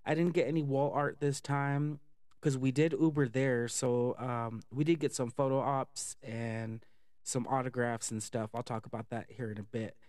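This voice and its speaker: A man telling a casual, profane story for a vlog, chatty and animated with lots of fillers. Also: mid-range voice, normal speed, no echo, clean studio sound. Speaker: vlogger.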